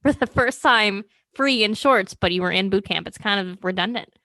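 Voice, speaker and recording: A woman's voice: medium pitch, moderate pace, pushed and bright, no room sound. A woman hosting an interview, asking short, curious questions and laughing along. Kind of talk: casual interview chat.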